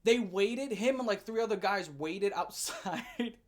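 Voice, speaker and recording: A woman telling a storytime rant as a vlogger, animated and profane, breaking into loud laughing shouts. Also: mid-range voice, a little slow.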